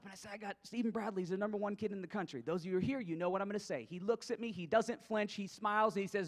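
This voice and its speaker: Man, high voice, motivational speaker, animated storytelling, long hall reverb. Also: fast talker. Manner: animated storyteller, acting out his own thoughts. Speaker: speaker at a coaches' conference.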